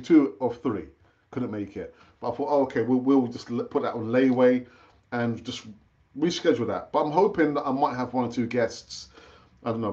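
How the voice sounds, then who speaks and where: Over dull-sounding audio, a football channel host chats on a casual live stream. He's animated and rambling, full of fillers and restarts, and his pitch leaps up whenever he gets excited.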